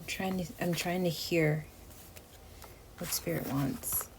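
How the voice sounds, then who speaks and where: Low-voiced chatty woman reading tarot. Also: takes it slowly, long pauses. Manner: chatty and emotive, often drops to a near whisper. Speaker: tarot reader. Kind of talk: casual tarot reading to camera. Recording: steady background noise.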